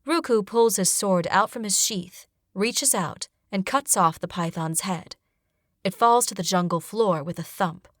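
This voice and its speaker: A woman reading a fantasy novel in the first person as an audiobook narrator, expressive and dramatic, on a close studio mic. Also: medium pitch, unhurried, no echo.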